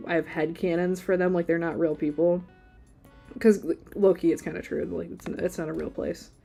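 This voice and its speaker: A livestream artist chats casually while she draws, rambling playfully and laughing a lot. Her voice sits on the low side with a dark tone.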